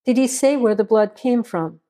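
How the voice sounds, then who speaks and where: Woman voicing a firm male sheriff, low mellow tone, pressing questions. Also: expressive, normal speed, natural voice. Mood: stern. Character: stern male small-town sheriff questioning a suspect.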